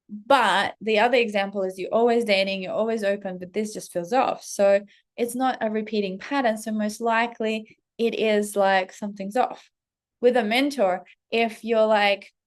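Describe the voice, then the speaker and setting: Candid, chatty woman swearing freely. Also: mid-range voice. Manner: animated, slips into acted quotes of herself and others. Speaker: spiritual coach and channel host. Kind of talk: casual unscripted monologue to camera.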